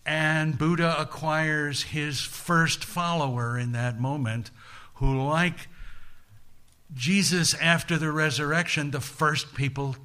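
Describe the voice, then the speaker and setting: Male lecturer, humorous storyteller, unhurried with a bright, clear tone. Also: fairly high pitch, steady tone. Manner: playful, deliberate, folksy asides.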